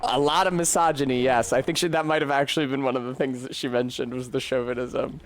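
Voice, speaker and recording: A man's voice: medium pitch, fairly even intonation, quick pace, hardly any pauses, slight background noise. Rambling, swearing male game streamer. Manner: rambling, profane and self-deprecating. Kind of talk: casual gameplay commentary.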